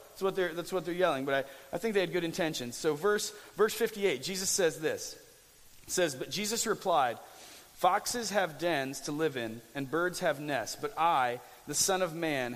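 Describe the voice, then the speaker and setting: A man's voice: fairly high pitch, a bit bright, big-room sound. A young man preaching a casual, conversational sermon as pastor, with restarts and jokey asides.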